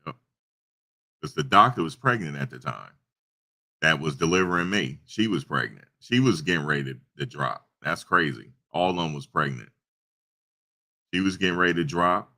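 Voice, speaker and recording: Very deep-voiced man rambling casually. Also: expressive, normal speed, pauses often, pushed and bright. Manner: rambling storytelling with many restarts. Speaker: channel host. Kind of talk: casual live-stream chat. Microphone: desktop USB microphone.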